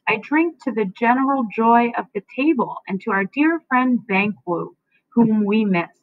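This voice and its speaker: A woman teacher reading aloud as Macbeth, a haunted and frantic king, slowly and with a raised, louder voice. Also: animated. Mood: raging. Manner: reads the verse slowly, rising in pitch and loudness. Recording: dry, tinny phone-like sound.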